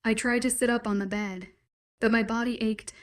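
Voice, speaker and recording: A woman narrating a first-person werewolf story in a measured, dramatic inner-monologue style. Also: fairly high pitch, steady tone.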